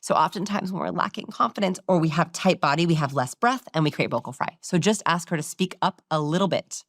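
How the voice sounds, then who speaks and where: Woman explaining body language stuff, lowish voice, dry close sound. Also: brisk, no echo. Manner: animated, demonstrates voices while explaining. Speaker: body language expert guest. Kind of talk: explanatory interview talk.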